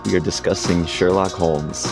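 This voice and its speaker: A man hosting a podcast in casual chat, chatty and quick to laugh, sometimes restarting his sentences. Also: deep voice, steady tone, creaky, music in the background. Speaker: podcast host.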